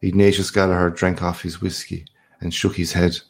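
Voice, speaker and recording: Brief: male audiobook narrator, low voice with a gravelly edge, measured literary reading. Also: level tone. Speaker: reader. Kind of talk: scripted narration.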